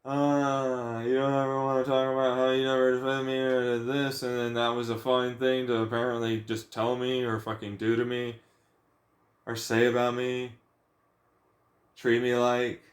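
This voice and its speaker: A man's voice: mid-range voice, flat delivery, moderate pace. A young man venting in a profane, agitated, rambling rant about his life. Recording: echoey room.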